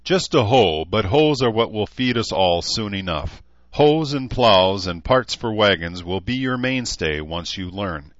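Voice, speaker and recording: A man voicing a gruff older blacksmith who growls out instructions to apprentices. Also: on the low side, lively intonation, unhurried, no echo, dull audio. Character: gruff older male blacksmith, stern teacher.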